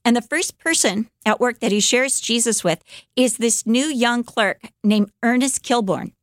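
A woman co-hosting a podcast, telling a life story in an animated way, with many fillers, and acting out the quotes. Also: on the high side, measured pace, no room sound, studio quality. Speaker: podcast co-host telling a biography. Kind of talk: casual storytelling chat.

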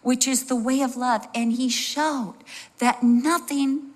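Expressive woman preaching a sermon. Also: sits high, takes it slowly. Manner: conversational and expressive, with asides and little acted-out voices.

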